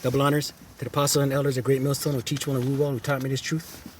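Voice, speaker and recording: A man's voice: medium pitch, little pitch movement, rapid-fire, slight background noise. A man teaching scripture in a sermon style, emphatic and repetitive, often asking "right?" between phrases. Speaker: teacher of a religious camp.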